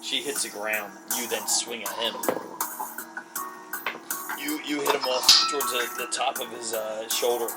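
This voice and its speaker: A man's voice: medium pitch, fairly even intonation, measured pace, long pauses. A man narrating a tabletop game as game master, rambling with many fillers and laughing often. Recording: far from the mic, music behind.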